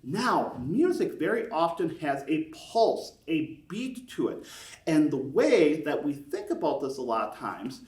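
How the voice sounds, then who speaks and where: A man's voice: a little high, big pitch swings, a little slow, a little mellow. A man teaching beginners a brass lesson step by step, counting beats aloud and encouraging them. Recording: echoey room, mic at a distance.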